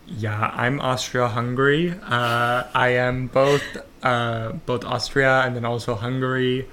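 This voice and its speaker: A man's voice: medium pitch, little pitch movement, a bit bright, slight background noise, lightly acted. Man doing a goofy faintly German persona. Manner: halting, jokey improvisation. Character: goofy vaguely German-sounding country persona, male.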